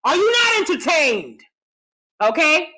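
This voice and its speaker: Bright, forceful woman streamer; loud and hype, addresses her viewers directly. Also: high voice, measured pace. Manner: loud, animated, talks straight to viewers. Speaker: YouTube commentary host. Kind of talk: casual livestream commentary.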